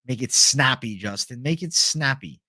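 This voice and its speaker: The streamer is a young adult host with a medium-pitched voice that sounds pushed and bright, with lively intonation and a normal pace. Relaxed and foul-mouthed, he chats through viewer comments. The sound is clean and studio-dry.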